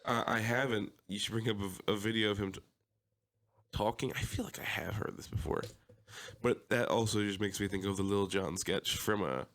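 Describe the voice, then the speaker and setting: A man's voice: fairly low pitch, fairly even intonation, moderate pace, fairly bright tone. A man with a Philadelphia accent co-hosting a podcast, telling stories casually with swearing and laughter. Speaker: podcast co-host. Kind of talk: casual chat.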